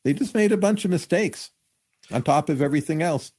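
A man answering interview questions as an economist guest, measured and analytical, offering careful hypotheses. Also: a little high, animated, darkish tone, slightly rough.

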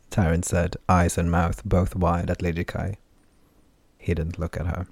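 Low, gravelly male audiobook narrator. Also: flat delivery, unhurried, a little mellow, no room sound. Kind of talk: scripted fantasy audiobook narration.

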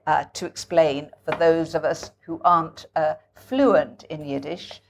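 A woman with a lowish voice interviews an author at a book event. She pauses and hesitates often, filling the gaps with ums as she frames her questions. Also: steady tone, a little hiss or hum. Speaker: host interviewer.

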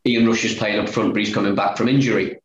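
This guest, a former footballer, talks fast in a lowish voice with fairly even intonation. In a chatty manner he retells his story's conversations line by line, "he said, I said." The recording is lo-fi, with roomy echo and faint noise.

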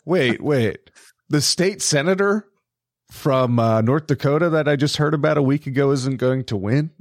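A man's voice: mid-range voice, moderate pace, dry recording, clean studio sound. A man co-hosting a podcast, talking politics casually with lots of swearing and laughter. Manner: profane, animated, laughs often. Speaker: podcast co-host.

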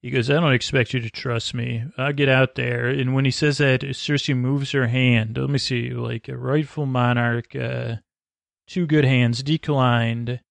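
A man hosting a podcast, casually recapping a TV episode and paraphrasing the characters in slangy voices, with many "uh" fillers and halting restarts. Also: medium pitch, steady tone, creaky, no room sound.

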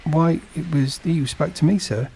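Earnest polite young ship's mate, done by a man reading a story, a little raised and bright. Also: fairly high pitch, moderate pace, creaky, a little hiss or hum, pitched above the performer's own voice.

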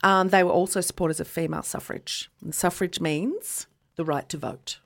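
A woman's voice: fairly low pitch, fairly even intonation, normal speed, vocal fry. A woman co-hosting a podcast, casually telling a history story and checking in with "okay" as she explains step by step. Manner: chatty, says "okay" a lot, explains step by step. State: rocking a baby while talking. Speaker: podcast co-host.

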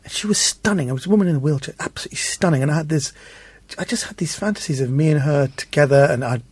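A man, a comedian guest, telling anecdotes in an animated way in casual chat and acting out the voices he quotes. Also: fairly high pitch, fast talker, breathy edge, no echo.

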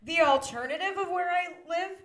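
A woman's voice: very high voice, moderate pace, very noisy. A woman guest on a live comedy podcast, telling jokey stories and acting out voices, on a stage mic. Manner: animated, joking storytelling with acted-out voices. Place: stage before a live audience.

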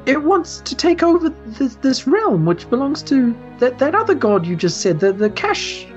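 Rambly woman running a tabletop game, keeps stammering, pitch all over the place. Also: very animated, normal speed, a little mellow, dull audio, faint music behind. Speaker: game master.

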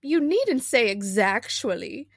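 A woman's voice: a little high, very animated, takes it slowly, no echo, studio quality, exaggerated voice. A woman reading aloud and voicing a fretful, scatterbrained old queen who wails and dithers. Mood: fussy. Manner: wailing cries, fussy and dithering.

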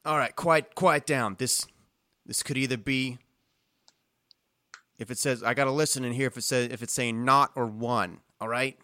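A man's voice: medium pitch, fairly even intonation, moderate pace, pauses often, pushed and bright, no echo, clean studio sound, close to an everyday voice. A man voicing a curt, impatient male federal agent in a tabletop game. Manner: curt, orders people around.

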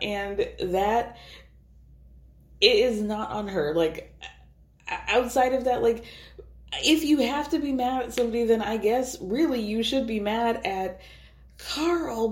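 A woman's voice: fairly high pitch, darkish tone. A woman hosting a podcast, recapping a reality show in a chatty, sarcastic way and swearing freely. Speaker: podcast host. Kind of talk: casual recap commentary. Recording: roomy echo.

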